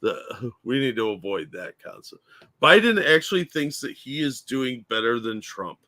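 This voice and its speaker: A man's voice: medium pitch, sing-song, moderate pace, pushed and bright, dry recording. A man co-hosting a casual political chat, blunt and mocking in tone. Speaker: co-host.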